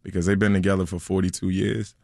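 A thirty-year-old comedian from Virginia talks in a low, animated, slangy way, tripping over quick restarts. His voice sits close and dry on the mic, with no room sound at all. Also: vocal fry, no room sound. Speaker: comedian guest. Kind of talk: casual interview chat.

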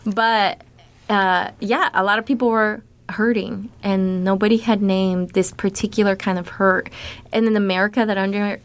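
A woman in her thirties, originally from Nicaragua, telling personal stories as an interview guest in a casual way, full of fillers and quick laughs. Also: mid-range voice, steady tone, clean tone. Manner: casual, frequent fillers, laughs between thoughts. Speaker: guest writer.

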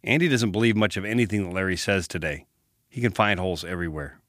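A man hosting and narrating a true-crime report, telling the story in a measured, matter-of-fact way and putting questions to an interviewee. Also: low voice, fairly bright tone, no echo, studio quality. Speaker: podcast host and reporter.

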